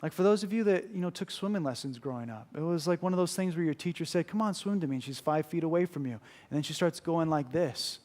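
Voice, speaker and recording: A man's voice: fairly high pitch, fast talker, hardly any pauses, a little mellow. A man preaching a sermon in an earnest, emphatic way, repeating key phrases for weight.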